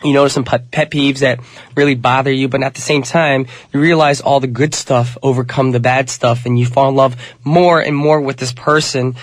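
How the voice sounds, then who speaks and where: This is a male radio DJ in his studio, keeping the patter light and cheerful and addressing the audience as "you guys." A cold makes him sound nasal; his medium-pitched delivery stays fairly even at normal speed, and the recording is dry.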